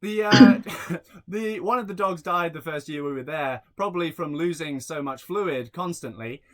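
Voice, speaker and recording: A young man from England doing a rambling, deadpan stand-up set with many fillers. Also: on the high side, normal speed. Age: young adult. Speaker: stand-up comedian. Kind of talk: stand-up set over a video call.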